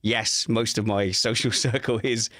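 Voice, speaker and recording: A man co-hosting a casual chat stream from home, animated and self-mocking, laughing often. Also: lowish voice, unhurried, no echo, clean studio sound. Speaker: co-host of a livestream chat show.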